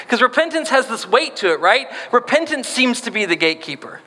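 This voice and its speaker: Man, preacher, sermon, playful, high voice, long hall reverb. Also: lively intonation, fast talker, hardly any pauses, bright, forceful tone. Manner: playful, acts out voices in quotes.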